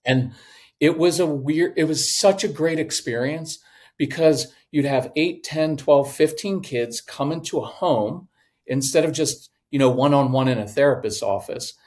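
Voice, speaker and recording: A man's voice: a little high, unhurried. A middle-aged man, a podcast guest, telling stories in a conversation and acting out voices in his anecdotes. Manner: animated, acts out voices in anecdotes. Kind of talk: storytelling in a conversation.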